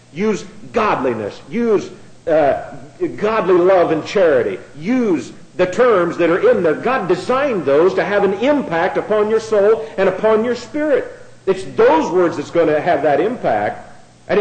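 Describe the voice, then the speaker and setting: Conversational preacher in an echoey room. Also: male voice, high-pitched, a little mellow. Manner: repeats words when starting phrases, conversational. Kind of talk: sermon, Bible teaching.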